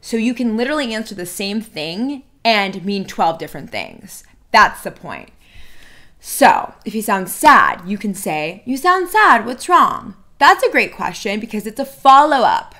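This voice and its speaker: A woman's voice: medium pitch, sing-song, measured pace, sharp tone. A woman hosting a dating advice video, speaking bluntly and emphatically and repeating her key points. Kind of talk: direct-to-camera advice talk.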